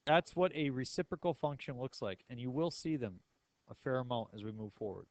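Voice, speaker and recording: A man's voice: mid-range voice, brisk, a little mellow, no room sound. A male math teacher lecturing a class in a playful way, asking his students many questions.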